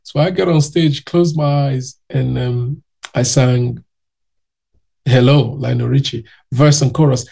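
A man telling anecdotes in a casual interview, animated and acting out the people he quotes. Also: medium pitch, unhurried, creaky. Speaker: interview guest.

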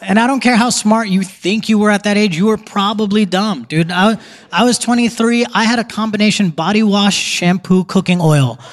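A man's voice: high-pitched, moderate pace. A young man doing a live stand-up comedy set on a theater stage, joking casually and talking straight to the crowd.

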